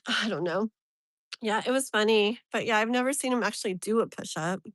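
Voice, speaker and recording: A woman's voice: medium pitch, fairly quick, fairly bright tone, no room sound, studio quality. A woman tarot reader chatting casually on a live stream from her phone, rambling and laughing often.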